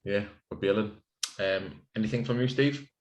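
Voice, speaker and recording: A man rambles through casual podcast banter over a few beers, laughing and swearing as he goes. His voice sits a little low. The room around him rings with echo. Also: moderate pace. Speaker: podcast co-host. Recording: echoey room.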